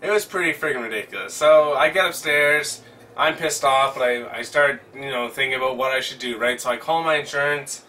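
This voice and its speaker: Excitable young man telling a story, bright voice. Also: medium pitch, brisk, far from the mic, slight background noise. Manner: animated, excitable retelling with swearing. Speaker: vlogger. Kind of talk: casual storytelling chat. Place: home. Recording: voice from off the mic.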